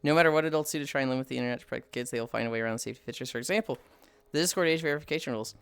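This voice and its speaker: A woman's voice: very deep voice, rapid-fire, smooth, dry recording. A woman streaming live while on a walk, chatting bluntly with friends and reading chat aloud. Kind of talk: casual livestream chat while walking.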